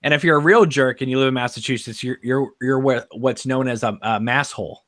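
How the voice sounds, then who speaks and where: A man in casual chat, halting and restarting often, with a wry dry humor. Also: mid-range voice, fairly bright tone. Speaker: podcast co-host.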